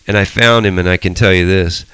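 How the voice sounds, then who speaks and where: A man's voice: low voice, steady tone, a little fast, sharp tone, clean tone, rough recording. A middle-aged man leading a Bible study, telling stories animatedly with frequent restarts. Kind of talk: casual teaching discussion.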